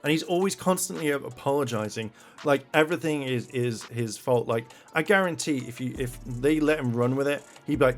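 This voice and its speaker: A man's voice: mid-range voice, moderate pace, faint music behind. A man reviewing a show in a blunt, rambling rant full of swearing.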